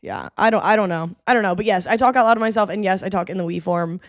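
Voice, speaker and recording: A woman's voice: mid-range voice, fast, dry recording, clean studio sound. A woman co-hosting a podcast in casual chat, rambling and self-deprecating and laughing often. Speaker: podcast co-host.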